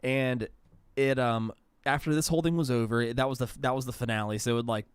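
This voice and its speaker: A man's voice: medium pitch, steady tone, fast talker, clean tone, dry recording. A man co-hosting a podcast in casual chat, rambling and restarting his sentences often. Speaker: podcast co-host.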